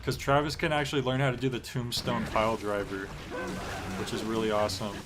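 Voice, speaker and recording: A man's voice: medium pitch, level tone, brisk, background noise. A man streaming a video game, chatting in an easygoing, rambling way with lots of fillers. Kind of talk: casual gameplay commentary. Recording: game music playing behind.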